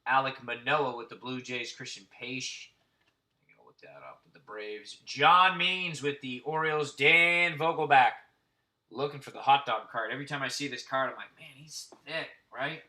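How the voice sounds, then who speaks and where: A Central Florida man around forty chats casually while opening cards, calling out baseball cards and spinning long, foul-mouthed stories. He speaks in a mid-range voice at a moderate pace, with a bright, forceful tone.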